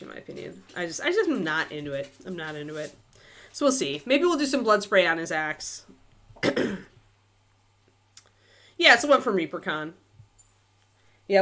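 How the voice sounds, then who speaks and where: Donna chiacchierona dalla voce molto mobile. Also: female voice, fairly low pitch, fairly bright tone. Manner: chatty, thinks aloud, many fillers, talks to her dog. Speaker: miniature painting livestream host. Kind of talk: casual chat while painting on a livestream.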